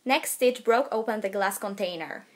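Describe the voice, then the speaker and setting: A teenage girl narrating a storybook in a steady, careful read. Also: mid-range voice, normal speed. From Poland. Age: late teens. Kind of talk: student audiobook narration.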